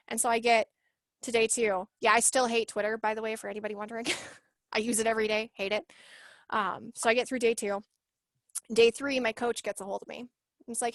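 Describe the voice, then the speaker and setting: A woman in her late twenties talks on a video call in a fairly high voice, and the sound is close and dry. She tells her story with emotion and life, acting out the lines other people said. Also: fairly quick, dry recording. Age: 20s. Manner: emotional, animated storytelling with acted-out quotes. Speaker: workshop guest sharing her story. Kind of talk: casual video-call chat.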